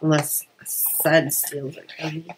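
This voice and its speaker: A woman's voice: low-pitched, flat delivery, slow, heavy background noise. A woman chatting casually through an unboxing while she has a cold, rambling with lots of fillers. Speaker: vlogger.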